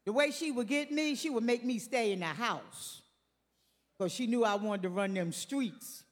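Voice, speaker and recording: A woman's voice: a little high, moderate pace, in a large hall. An older woman preaching a sermon, emphatic, repeating her phrases and calling out to the congregation.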